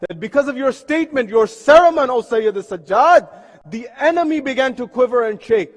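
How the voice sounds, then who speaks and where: High-voiced man preaching in a reverberant mosque. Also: expressive, moderate pace. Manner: impassioned, swells loud on chanted verses, drops low and quiet on laments. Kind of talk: sermon with recited Urdu poetry. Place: mosque hall. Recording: live stream with long hall reverb.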